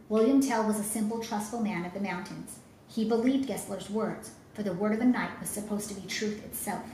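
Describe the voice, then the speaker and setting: A woman telling a children's story with dramatic, expressive reading. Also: mid-range voice, moderate pace, a little hiss or hum. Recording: roomy echo, faint ambience.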